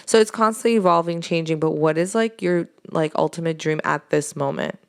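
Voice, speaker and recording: Brief: low gravelly woman, lively chatty storyteller, lots of filler. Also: fairly quick. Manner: animated storyteller, heavy use of "like". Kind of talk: casual podcast chat. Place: studio in Los Angeles.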